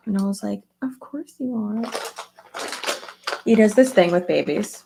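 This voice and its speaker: A woman's voice: medium pitch, normal speed, creaky, long pauses, noisy background. A young woman chatting casually while getting ready, rambling with lots of fillers. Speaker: beauty vlogger. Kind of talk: casual get-ready-with-me chat.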